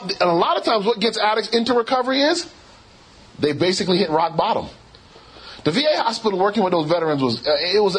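A man's voice: high-pitched, a bit bright, breathy edge, poor audio. A man preaching a sermon as both preacher and physician, telling a personal story and acting out the quoted dialogue.

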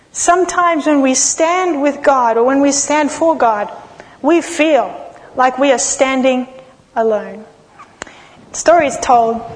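A woman preaching a sermon, telling stories expressively and slowing down for dramatic pauses. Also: high voice. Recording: long reverb of a large hall.

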